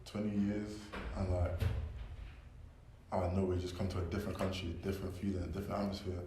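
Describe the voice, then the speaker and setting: A young man in his twenties with a London accent talks in relaxed slang and laughs often. His voice is fairly low. It rings in an echoey room with a faint hum of background noise. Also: fast talker. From United Kingdom. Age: 20s. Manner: slangy, animated, laughs a lot. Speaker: guest. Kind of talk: casual chat. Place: campus room.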